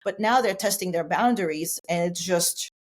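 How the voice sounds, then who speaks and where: A woman with a somewhat low voice co-hosts a casual podcast conversation. She speaks earnestly and reflectively, often circling back to restart a thought. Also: moderate pace. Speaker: podcast co-host. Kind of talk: casual chat.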